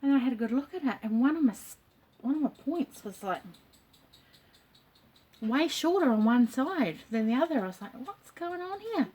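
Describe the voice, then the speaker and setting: A middle-aged woman talks animatedly to camera about her crafts from the dining nook of her home, her fairly high voice dark and slightly rough. She keeps a moderate pace but pauses often, rambling with many ums and coughing every so often.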